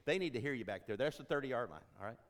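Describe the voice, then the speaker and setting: A man from Tennessee talks to a church congregation about finding a new preacher. He speaks in a folksy, joking way and drives his points home by repeating key phrases. His voice sits at an ordinary middle pitch. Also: expressive, very fast. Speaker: interim ministry consultant. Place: church sanctuary.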